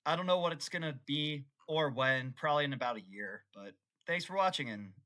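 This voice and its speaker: A young man rambling unscripted on camera, laughing and swinging from excited outbursts to mock-solemn musings. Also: fairly high pitch, a little fast, very noisy. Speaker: YouTuber. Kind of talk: unscripted rambling vlog commentary.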